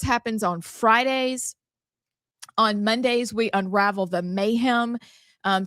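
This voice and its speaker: A woman's voice: on the high side, a bit bright, dry recording. Lady co-host, upbeat, walking through the show lineup, dry studio sound. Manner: upbeat, explains the show's schedule. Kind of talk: casual talk-show chat.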